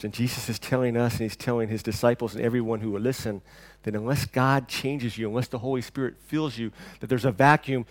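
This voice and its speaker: A pastor delivering a sermon, swinging between loud declarations and quiet, intense passages. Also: male voice, medium pitch, dry recording.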